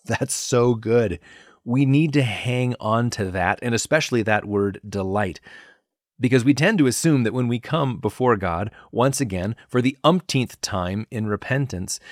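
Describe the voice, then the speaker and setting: A man hosting a podcast, giving an earnest, measured devotional teaching. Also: medium pitch, expressive, no room sound, clean studio sound. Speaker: podcast host and Bible teacher.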